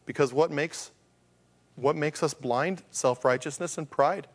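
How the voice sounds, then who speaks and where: A man's voice: a little high, a little slow. A male pastor preaching a conversational sermon, asking rhetorical questions and acting out the voices of the people he quotes.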